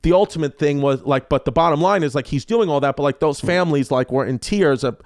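A comedian guest telling stories in casual chat, animated and profane, acting out quotes. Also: male voice, on the high side, quick pace, no room sound, studio quality. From New York. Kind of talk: casual storytelling.

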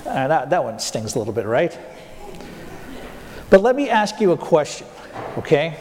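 A male pastor preaching a sermon, putting rhetorical questions to the congregation and slowing down to stress key points. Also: a little high, very animated, a little mellow, big-room sound, slight background noise. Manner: asks the congregation rhetorical questions, slows down for emphasis.

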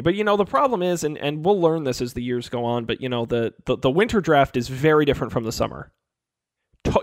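A man co-hosting a casual podcast, animated and playfully sarcastic as he reads out standings. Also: on the high side, no echo, studio quality. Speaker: podcast co-host.

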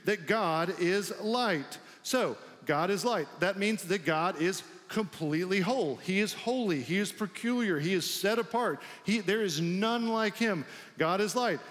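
A man's voice: high voice, moderate pace, a bit bright, big-room sound. A male pastor preaching a sermon in a loose, conversational way, with many filler "like"s.

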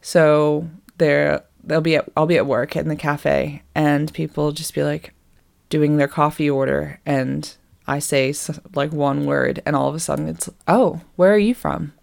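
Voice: mid-range voice, level tone, unhurried, creaky. A person in their twenties with an American accent, chatting casually and rambling about life abroad. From United States. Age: 20s.

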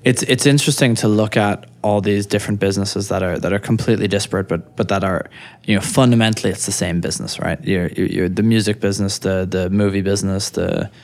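A man's voice: fairly low pitch, steady tone, quick pace, darkish tone. A man with an Irish accent co-hosting a podcast in casual chat, often restarting and repeating words as he thinks, with a dry teasing humor. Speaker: podcast co-host.

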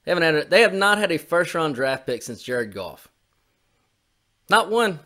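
A man's voice: a little high, sing-song, normal speed, pushed and bright. Profane ranting man podcaster. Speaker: podcast host. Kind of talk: casual sports chat.

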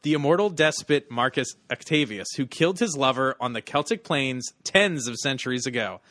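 A bright, animated man hosting a casual podcast chat. He reads text aloud and breaks into laughter now and then. The sound is dry and close. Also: mid-range voice, moderate pace, no room sound. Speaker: podcast host.

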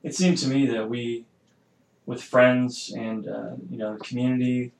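A man who serves as a military chief talks hesitantly, with many fillers, in a casual podcast conversation. His mid-range voice is flat, a little slow, and creaky, with slight background noise in a roomy space with faint ambience.

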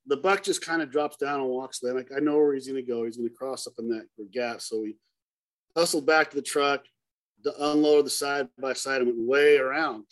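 In a relaxed interview, a middle-aged hunting guide tells a story and voices each of its characters. His pitch is ordinary middle range for a man, and he shifts between quick asides and drawn-out emphasis, animated as he acts out the dialogue.

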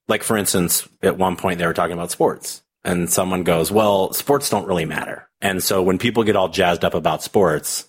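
A man's voice: low-pitched, breathy edge. A man talking bluntly on a podcast, cursing now and then and restarting his sentences. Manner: blunt, profane, halting restarts. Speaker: podcast guest. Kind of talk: casual podcast talk.

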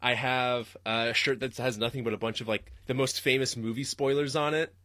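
Excitable ranting podcast host, bright voice. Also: male voice, moderate pace, no room sound, studio quality. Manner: profane, excitable, rambling; jumps suddenly into loud high-pitched outbursts. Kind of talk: livestreamed comedic rant.

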